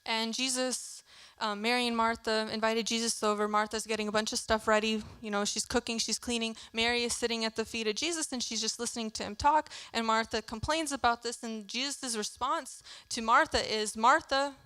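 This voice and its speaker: A woman's voice: on the high side, fairly even intonation, brisk, bright, forceful tone, clear, resonant tone, no echo. A young woman giving a candid, chatty youth sermon in a church, laughing often as she talks. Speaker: youth speaker.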